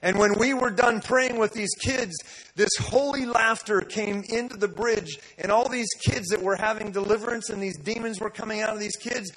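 A man preaching a sermon, telling a story with energy, repeating words and rising to loud declarations. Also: high-pitched, moderate pace, low-quality recording. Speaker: pastor. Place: church service.

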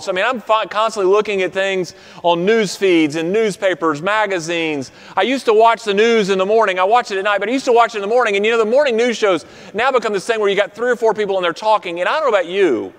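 Pastor, male, high voice, earnest sermon, trailing off soft for emphasis, long church reverb. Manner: earnest, drops to soft quiet endings for emphasis. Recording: reverberant hall.

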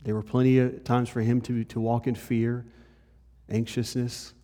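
A man's voice: medium pitch, a little slow. Male pastor preaching in a reverberant hall. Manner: conversational preaching, shifts between animated and hushed. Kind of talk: sermon.

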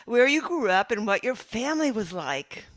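A woman hosting an interview, greeting her guest warmly in an effusive, affectionate way. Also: on the high side, big pitch swings, moderate pace. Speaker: podcast host. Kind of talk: casual interview chat.

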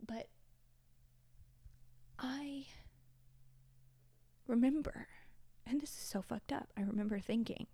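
A woman's voice: fairly high pitch, slow, long pauses, mellow, no echo. A woman in her thirties hosting a confessional solo podcast from home, tearful and sniffling, candid and blunt. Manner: candid, blunt, swears freely. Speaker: podcast host.

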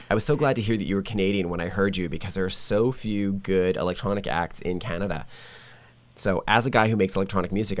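A man hosting an interview, asking relaxed, casual questions. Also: low-pitched. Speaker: radio host.

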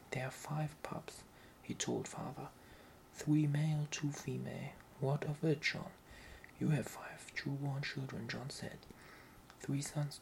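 A narrator softly whispering a fantasy novel aloud in whispered role-play, slow and even. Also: medium pitch, vocal fry, a little hiss or hum, poor audio.

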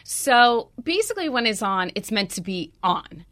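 Radio host, woman, middle-aged; bright, chatty, anecdotal delivery. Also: fairly high pitch, very animated, normal speed. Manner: chatty, anecdotal, frequent fillers. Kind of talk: casual chat.

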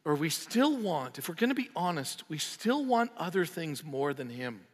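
Impassioned preacher in a reverberant hall. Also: male voice, a little high, big pitch swings, normal speed. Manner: impassioned, swells loud on emphatic lines then drops quiet. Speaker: pastor. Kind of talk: sermon.

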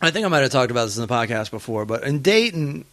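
A man, a touring stand-up comic, telling stories in casual podcast chat, profane and animated, acting out the people he quotes. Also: mid-range voice, fast talker, dry recording. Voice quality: profane, animated storyteller who acts out quotes. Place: hotel room.

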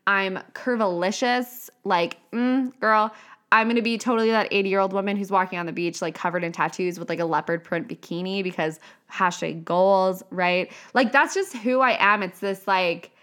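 A woman in a casual monologue as an author and coach, animated and profane, often slipping into playful quoted voices. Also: medium pitch, normal speed. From half Italian.

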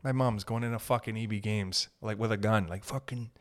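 A man hosting a solo podcast, telling stories in an animated, profane way and laughing as he talks. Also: lowish voice, fairly quick. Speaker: podcast host.

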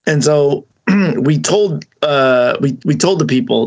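A man hosting a podcast, telling a long story in casual chat, rambling and animated, acting out the voices of the people he quotes. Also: a little high, takes it slowly, hardly any pauses. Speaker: podcast host.

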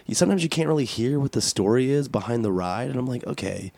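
Podcast host, young man, slightly hoarse, animated storyteller. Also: medium pitch, fast, no echo. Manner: animated storyteller, acts out quotes with a raised voice. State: losing his voice. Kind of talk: casual podcast chat.

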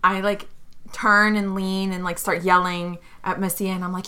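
A woman in her thirties playing in a tabletop game, animated and joking as she argues her case. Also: mid-range voice, moderate pace, smooth. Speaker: player. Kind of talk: casual tabletop role-play.

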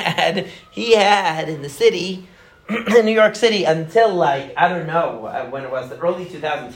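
A man's voice: on the high side, reverberant. A young man casually explaining psychology in a chatty, rambling way full of fillers.

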